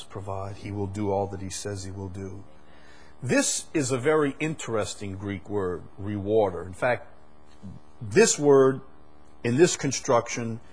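A man preaching a sermon, stressing key phrases by repeating them and swinging between quiet stretches and loud, rising lines. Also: mid-range voice, husky.

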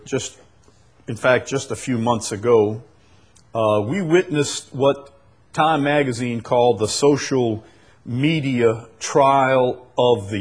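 Male preacher, husky, unhurried, big dynamic swings for emphasis. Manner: swings from loud emphatic peaks to soft low drops, stretches key words. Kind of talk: sermon.

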